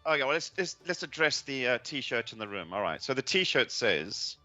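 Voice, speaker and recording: A man's voice: medium pitch, big pitch swings, normal speed, pushed and bright, dull audio, faint music behind. A middle-aged man with a South African accent, telling stories with wry humour in a casual podcast chat. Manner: wry, storytelling, restarts phrases. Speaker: podcast co-host.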